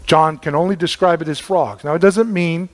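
A man's voice: fairly high pitch, normal speed, in a large hall. A middle-aged man preaching a sermon, folksy and storytelling, repeating words for emphasis. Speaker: pastor.

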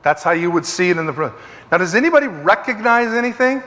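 High-voiced man teaching in an echoing hall. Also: animated, fast, pushed and bright. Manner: emphatic, digressive, repeats phrases for stress. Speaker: Bible teacher. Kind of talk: conversational Bible study. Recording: long reverb of a hall.

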